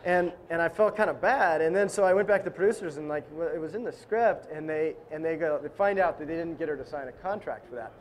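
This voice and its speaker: A film director, a man, telling stories in a casual interview in an animated, joking way and acting out voices. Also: fairly high pitch, quick pace, hardly any pauses.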